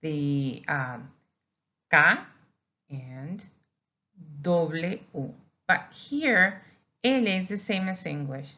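A woman talks through a recorded language lesson at a very slow, careful pace. Her voice sits a little low as she drills syllables and checks in with "okay?". The audio is dull and lo-fi. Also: animated, bright, forceful tone. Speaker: Spanish teacher.

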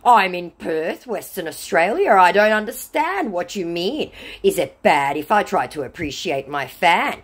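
A woman voicing a male online scammer who poses as a singer, all syrupy, stiff, scripted flattery. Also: fairly low pitch, unhurried, husky, voice pushed up. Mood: fawning.

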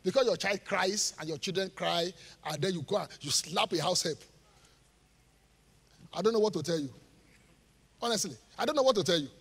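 A man preaching a live sermon in church, joking with the congregation and pausing for it to finish Bible verses. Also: high voice, lively intonation, creaky, fairly bright tone, breathy edge. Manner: call-and-response, leaves gaps for the congregation to finish verses; jokes and laughs with the congregation. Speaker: pastor. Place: church auditorium. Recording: live church hall reverb.

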